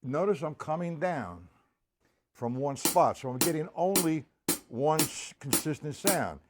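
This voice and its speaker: A man gives a casual drum lesson on a live stream. His voice sits a little high, and he greets viewers by name and counts the beats aloud. Faint music and drums are heard behind him. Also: expressive, measured pace. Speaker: drum teacher.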